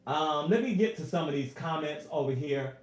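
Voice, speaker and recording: A man speaks earnestly to his viewers on a casual home live stream, his voice sitting a little high. He gets emotional and animated as he calls out to them as y'all. The webcam sound carries a noticeable room echo. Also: moderate pace. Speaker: YouTuber and singer.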